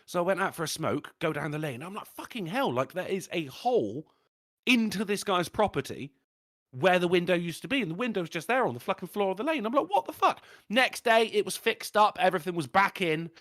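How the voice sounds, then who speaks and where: A man whose voice sits high talks fairly quickly in a clean studio setting with no echo. As co-host of a casual podcast, he tells pub stories animatedly, swearing plenty and often breaking into laughter.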